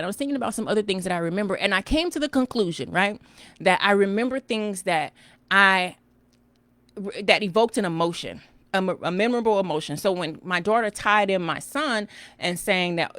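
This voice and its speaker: Animated, folksy middle-aged woman. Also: mid-range voice, no room sound. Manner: animated, folksy, calls listeners "girl" and "child". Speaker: financial coach. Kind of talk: casual live-stream talk.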